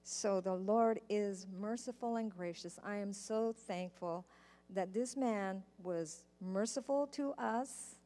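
A woman's voice: mid-range voice, slow, mellow. A woman telling a story to children in church, speaking patiently and asking her listeners questions. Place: church sanctuary. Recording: church live stream with long hall reverb.

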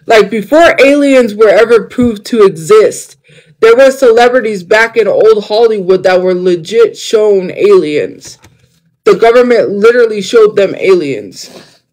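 A man's voice: high-pitched, lively intonation, measured pace, a little mellow, poor audio. A young man chatting casually on a livestream. He rambles, jumps between topics and fills his talk with fillers.

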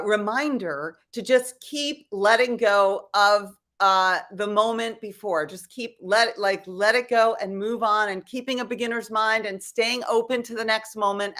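A woman's voice: fairly high pitch, sharp tone. A woman comedian and caregiver sharing tips in a chatty, loose way on a video call. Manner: chatty, loose, with fillers and asides. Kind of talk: casual talk with caregiving tips.

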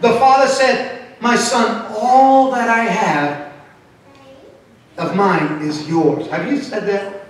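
A middle-aged man preaches a sermon with animated delivery and a fairly high voice. He is picked up from some distance in a very echoey church hall. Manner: animated, switches into Spanish, acts out quotes. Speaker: pastor. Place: church sanctuary.

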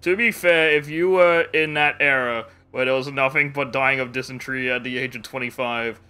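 A man's voice: medium pitch, fairly even intonation, normal speed, bright, forceful tone, clear, resonant tone. A man streaming a game live, rambling casually, swearing freely and laughing often. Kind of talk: casual gameplay chat.

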